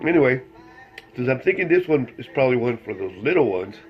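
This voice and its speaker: A man's voice: mid-range voice, sing-song, a little fast, lo-fi sound, faint music behind. An older man, a grandfather, talking in a folksy, meandering way and telling a joke for his family. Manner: folksy, meandering, tells jokes with quoted voices. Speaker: grandfather recording videos for family. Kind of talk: rambling storytelling to camera.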